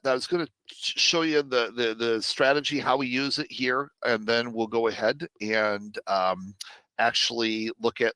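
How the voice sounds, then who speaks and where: A man teaching trading on a live webinar in a loose, chatty way, full of fillers and quick asides to his viewers. His voice is bright and forward, and the sound is dry and close with no room around it. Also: medium pitch, no room sound.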